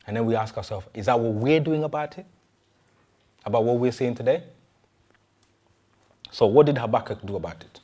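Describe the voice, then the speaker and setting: A man preaching a sermon in a conversational way, firing rhetorical questions at his listeners. He often stumbles and restarts his words as he goes. His voice sits at an ordinary middle pitch. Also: darkish tone, husky. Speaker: pastor.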